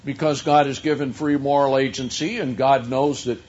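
A man preaching a sermon, teaching from scripture in a slow, deliberate way with drawn-out emphasis. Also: mid-range voice, fairly even intonation, darkish tone, dull audio.

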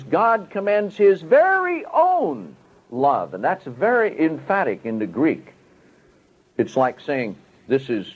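A man's voice: medium pitch, breathy edge. A man preaching a sermon, teaching step by step and stressing key words with strong rises and falls. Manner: emphatic, rising and falling for stress. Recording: tinny phone-like audio.

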